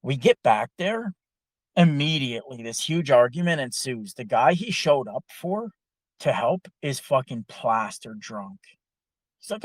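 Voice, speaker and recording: A man's voice: medium pitch, animated, unhurried, dry recording. A man hosting a podcast, telling a long story in a casual, profane, exasperated way. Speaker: podcast host.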